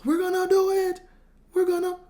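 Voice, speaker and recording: A man's voice: very high voice, lively intonation, moderate pace, a little mellow, voice pushed up. A man voicing his middle-aged dad, screaming and repeating himself while watching a football game. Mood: frantic excitement.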